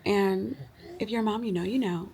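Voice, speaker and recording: A woman's voice: mid-range voice, normal speed, warm tone, slight background noise. Tired, teary woman venting to camera. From United States. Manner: emotional, venting, rambling with many fillers. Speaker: vlogger, mother. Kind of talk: casual confessional vlog.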